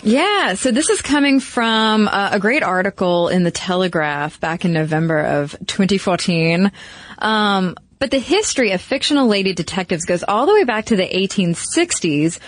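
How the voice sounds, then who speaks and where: A woman's voice: mid-range voice, expressive, normal speed, no room sound. A woman co-hosting a podcast, talking casually with enthusiasm and often chiming in to agree. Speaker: podcast co-host. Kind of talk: casual chat.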